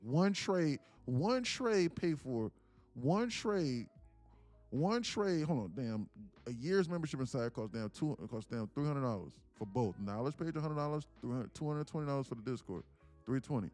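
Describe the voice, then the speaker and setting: At a normal speed, this day-trading livestream host uses a spirited voice that rises and falls sharply in pitch. He speaks loose, slangy street talk, sermonizing and peppering viewers with rhetorical questions while quiet music plays behind him.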